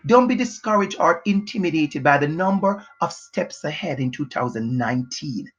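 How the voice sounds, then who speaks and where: Man, pushy motivational speaker, repeats and shouts his points, dull lo-fi home recording. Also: a little high, lively intonation, moderate pace, husky. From Jamaica. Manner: emphatic, repetitive, pushing, sometimes shouting. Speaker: motivational educator. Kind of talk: unscripted motivational talk to camera. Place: house, indoors.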